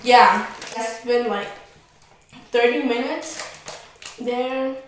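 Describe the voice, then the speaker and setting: Teen girl vlogging, chatty and candid, kinda high voice, faint hiss in the background. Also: extremely slow. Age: late teens. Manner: chatty and candid, many likes and restarts. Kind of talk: casual storytelling. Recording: very echoey room, mic far off.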